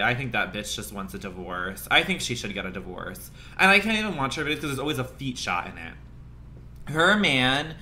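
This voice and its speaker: A man's voice: medium pitch, bright, forceful tone, a little hiss or hum. A young adult man chatting casually on a livestream, profane and complaining, congested and coughing now and then.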